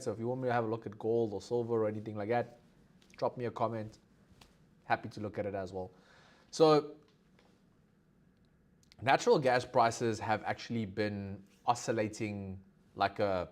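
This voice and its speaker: A South African man with a mid-range, slightly mellow voice hosts a live market analysis stream. He talks conversationally with lots of fillers and asks viewers to leave comments.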